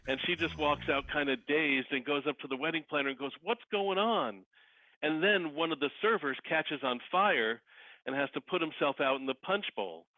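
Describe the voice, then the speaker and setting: A man speaks as a guest over a thin, phone-like line with a dry, close sound. He tells his stories with lively energy and acts out the voices of the people in them. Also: a little high, fairly quick, dry recording. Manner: lively storyteller who acts out quoted voices. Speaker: guest, wedding officiant and celebrity impersonator. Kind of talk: casual interview storytelling.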